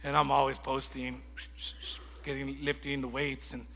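A man preaching a sermon in a lively storytelling way, acting out conversations as he goes. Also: medium pitch, moderate pace, gravelly, in a large hall, a little hiss or hum. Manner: animated storytelling, acts out dialogue. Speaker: guest preacher.

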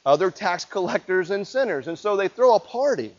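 A male pastor delivers his sermon as a story, conversational and animated at a slightly fast pace, and keeps asking his listeners questions. His voice is high for a man, and the recording sounds dull and lo-fi.

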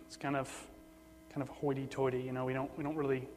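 A man's voice: medium pitch, flat delivery, fairly quick. Man preaching in a reverberant hall. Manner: conversational, repeats words for emphasis. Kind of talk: sermon. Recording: long hall reverb, faint mains hum.

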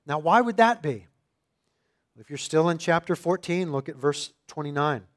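A man preaches with a fairly high voice, reading scripture aloud and then driving home each point. He swells louder and more forceful on the lines he wants to land. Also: lively intonation, moderate pace. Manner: emphatic, swelling louder on key phrases. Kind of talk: expository sermon.

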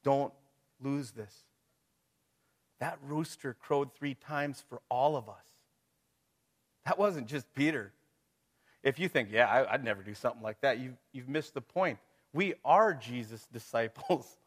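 A man's voice: mid-range voice, unhurried, pauses often. A middle-aged man preaching a sermon to his congregation, talking it through casually, with rhetorical questions and chuckles. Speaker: pastor.

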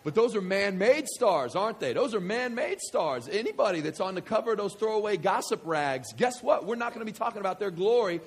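A man from West Kentucky preaching a sermon, joking with the congregation and swinging from quiet scripture reading to loud excitement. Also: high-pitched, brisk, few pauses, husky. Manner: animated, jokey, swings between quiet reading and loud enthusiasm. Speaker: pastor.

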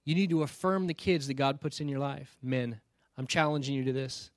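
A man's voice: medium pitch, brisk, no room sound, studio quality. A male pastor giving a sermon in a conversational, storytelling way, often checking in with "right?" and earnestly challenging his listeners.

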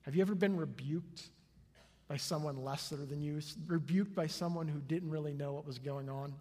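A male pastor preaching a sermon to his congregation, telling stories with lively energy and acting out the people in them. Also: fairly high pitch, normal speed, slightly rough. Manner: lively storytelling, acts out the people in his anecdotes. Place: church sanctuary before a congregation. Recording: long hall reverb.

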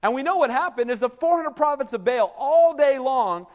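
A man's voice: extremely high pitch, normal speed, big-room sound. A man preaching a sermon as a pastor, talking conversationally and often tossing "right?" to the congregation. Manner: animated, conversational preaching with frequent "right?" asides. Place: church.

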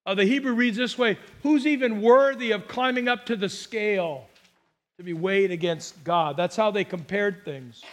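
A man's voice: sits high, moderate pace. A man from Southern California preaching as a pastor, earnest and emphatic, acting out quotes as he goes. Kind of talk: sermon.

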